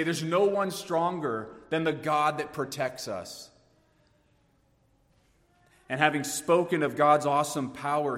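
Preacher in a reverberant hall. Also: male voice, fairly high pitch. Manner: dynamic preaching, dropping to hushed tones then rising emphatically. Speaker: pastor. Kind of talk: sermon.

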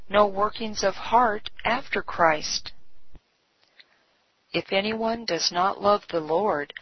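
A woman reading old devotional writings aloud in a measured, solemn cadence. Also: on the low side, husky, no echo. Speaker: devotional reader. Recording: dull lo-fi recording.

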